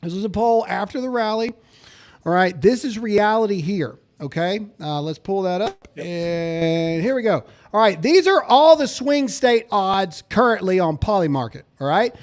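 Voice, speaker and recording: A middle-aged man hosting a casual political commentary podcast. He talks in an animated, excitable way, laughing often and stacking up repeated words when he gets going. His voice is high for a man and swoops through a wide range. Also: moderate pace. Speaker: podcast host.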